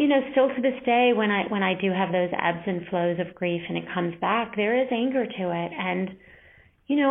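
Earnest woman, phone-like sound. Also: medium pitch. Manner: earnest, reflective, measured. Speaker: interview guest. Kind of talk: candid interview talk. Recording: band-limited phone-like sound.

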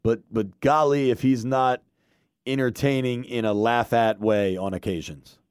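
A man's voice: mid-range voice, fairly even intonation, a little slow, darkish tone, smooth, dry recording, studio quality. A man hosting a sports podcast, chatting in a friendly, laughing way and calling his guest dude. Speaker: podcast host. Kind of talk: casual podcast interview.

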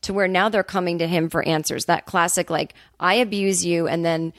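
A woman hosting her own podcast, talking casually in a rambling, profane, sarcastic monologue full of quick asides. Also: lowish voice, dry recording, studio quality. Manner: animated storyteller, quick asides. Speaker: comedian podcast host.

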